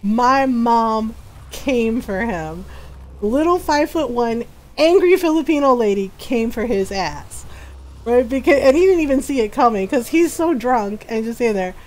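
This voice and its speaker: A woman with a high, light voice chats casually on her live stream, telling a story in an animated way. She laughs often between lines, and her talk stays loose and conversational. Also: a little slow, rough recording. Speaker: game streamer.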